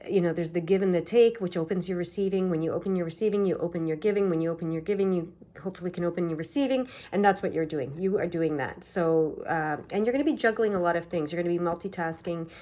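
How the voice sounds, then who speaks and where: A woman from Canada's East Coast giving a tarot reading, talking quickly and excitedly with many fillers. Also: on the low side. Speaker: tarot reader. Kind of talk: tarot card reading to camera.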